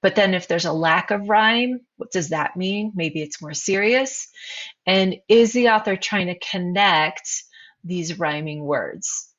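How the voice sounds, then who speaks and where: Low-voiced woman teacher, lo-fi recording. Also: unhurried, fairly bright tone. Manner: explanatory, poses questions to students. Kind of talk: recorded slideshow lesson.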